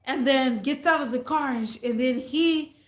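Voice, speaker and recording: A woman's voice: high-pitched, moderate pace, echoey room. A woman vlogger casually and animatedly retelling a neighbor story, rambling as she goes.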